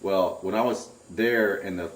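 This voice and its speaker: A man recounting a camping trip in a rambling, excitable way, caught on a distant mic. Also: low-pitched, a little slow. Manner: rambling, excitable storyteller who acts out remembered shouts. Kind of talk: casual spoken recollection. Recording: roomy, distant home recording.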